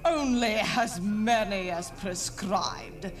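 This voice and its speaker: A man's voice: high voice, takes it slowly. A man playing a cold, proud cult priestess in a radio drama. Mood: haughty. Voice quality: haughty, cold. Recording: distant mic with music under.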